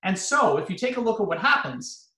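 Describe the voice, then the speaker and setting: A man's voice: high voice, big pitch swings, fairly quick, sharp tone. A man, a lawyer lecturing real estate agents, explaining things by posing questions and answering them himself. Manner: explanatory, asks and answers his own questions. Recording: echoey room.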